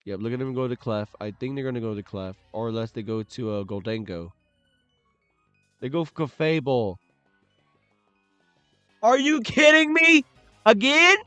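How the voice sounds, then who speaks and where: A man's voice: lowish voice, a little fast, smooth, dry recording, faint music behind. A young man giving casual play-by-play commentary on his own competitive match, talking through each move under his breath. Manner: muttered play-by-play, bursts into loud frustrated shouts. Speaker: gaming commentator. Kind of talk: live game commentary.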